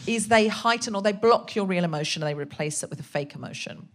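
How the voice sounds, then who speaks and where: A woman guest on a podcast, telling a comic story in a casual, animated way, sometimes swearing and acting out voices. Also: mid-range voice, quick pace. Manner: animated, swearing, acts out voices in her anecdotes.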